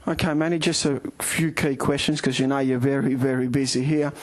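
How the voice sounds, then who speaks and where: A man with an Australian accent hosting a boxing show, asking long, energetic leading questions. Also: medium pitch, brisk. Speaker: boxing show host, interviewer. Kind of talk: TV interview. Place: indoors in the Philippines.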